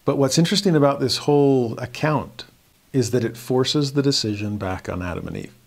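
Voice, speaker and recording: A man at a medium pitch teaches a scripture lesson. He explains earnestly and patiently, and his voice lifts when he acts out quoted students. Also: very animated, a little fast, creaky. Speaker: religion teacher.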